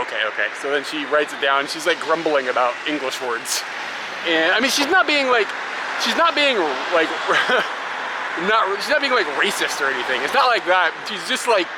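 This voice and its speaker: A young man vlogging while travelling, with a voice a little higher than most men's. He chats in a loose, amused way and laughs often, while traffic and outdoor noise are clearly heard behind him on a handheld camera mic. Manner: chatty, amused, laughs often between phrases. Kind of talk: casual vlog chat to camera. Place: laundromat and outdoor travel spots. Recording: noisy background with passing vehicles.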